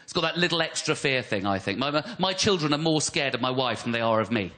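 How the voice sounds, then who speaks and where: A man's voice: mid-range voice, expressive, quick pace, pushed and bright. A middle-aged English man with a West London accent, doing a self-mocking stand-up set with mock-outraged rants in front of a live audience. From England. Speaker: stand-up comedian. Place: live comedy venue. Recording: noisy live comedy recording. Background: audience laughter.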